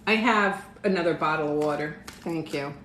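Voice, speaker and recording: A woman's voice: low voice, normal speed, fairly bright tone. A middle-aged woman giving a casual live tarot reading from her home, chatting with her viewers and laughing often. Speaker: tarot reader. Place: home room. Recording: echoey room, faint noise.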